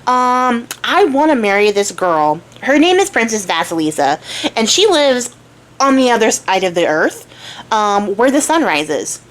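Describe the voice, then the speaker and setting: A woman's voice: fairly high pitch, big pitch swings, a little slow. Woman doing a greedy king, offhand, entitled, storybook telling. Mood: demanding. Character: bossy greedy male king, casual.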